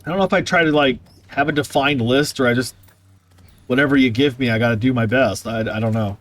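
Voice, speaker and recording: A man's voice: medium pitch, fairly quick, fairly bright tone. A man chatting casually and playfully as a live streamer.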